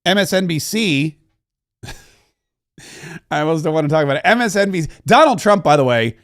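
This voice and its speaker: A man's voice: fairly high pitch, animated, moderate pace, no room sound, clean studio sound. A man hosting a political commentary show, talking in an emphatic, indignant and often sarcastic way. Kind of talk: opinionated commentary.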